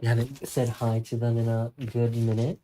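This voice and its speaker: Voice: mid-range voice, flat delivery, normal speed, low-quality recording. A young adult streamer from Northern California with a Northern Californian accent, chatting casually and rambling while answering viewers. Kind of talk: casual livestream chat with viewers.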